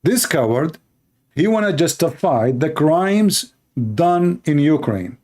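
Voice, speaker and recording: Male commentator, Arabic first language, angry and mocking, fairly high but dark tone. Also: very animated, slow. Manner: scornful, heated, broken English phrasing. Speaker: commentator reacting to a clip.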